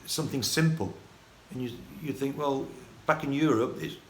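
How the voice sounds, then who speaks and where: Guy from the uk rambling thru his story, halting, keeps restarting, mid-pitch voice, echoey room. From United Kingdom. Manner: rambling, halting, many restarts and fillers, chuckling. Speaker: vlogger. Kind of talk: casual storytelling monologue. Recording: echoey room with faint ambient noise.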